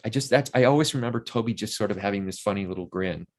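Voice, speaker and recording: Animated man telling set stories. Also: fairly low pitch, quick pace. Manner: animated storyteller who acts out quotes from the set. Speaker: interview guest, actor and playwright. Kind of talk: casual interview chat.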